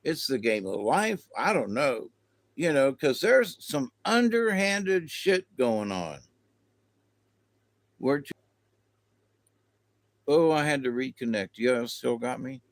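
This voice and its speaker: A man's voice: medium pitch, sing-song, takes it slowly, long pauses, no room sound. A man hosting a casual spiritual livestream, rambling and chatting to viewers, often laughing. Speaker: livestream host.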